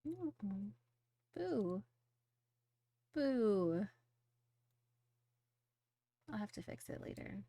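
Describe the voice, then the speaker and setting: A woman's voice: medium pitch, sing-song, drawn-out words, pauses often, warm tone, dry recording. A woman streamer chatting casually and in a flustered, distracted way during a live game stream.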